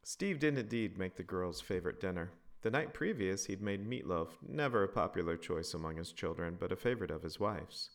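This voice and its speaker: A man reads a family story aloud in an expressive narrating style. His voice is very low, and his pitch moves with lively inflection. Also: brisk, hardly any pauses.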